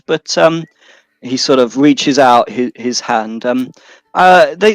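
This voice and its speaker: A man's voice: medium pitch, animated, slow pace, no room sound. A man player in a tabletop game who tries out accents for his character. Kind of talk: tabletop role-play.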